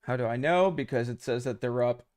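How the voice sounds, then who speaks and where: Male trading coach live-streaming, loose and profane, mid-pitched, close dry mic. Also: fairly quick, darkish tone, clean tone, no room sound. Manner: casual, profane, talks straight to chat. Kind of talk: unscripted live stream teaching.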